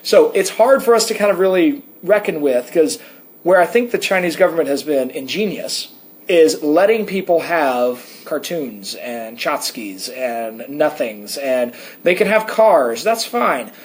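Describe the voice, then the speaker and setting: A man's voice: fairly high pitch, animated, measured pace. An American man co-hosting a podcast in casual, analytical chat, talking at length and reading excerpts aloud. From United States. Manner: talkative, digressive, reads excerpts aloud. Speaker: podcast co-host.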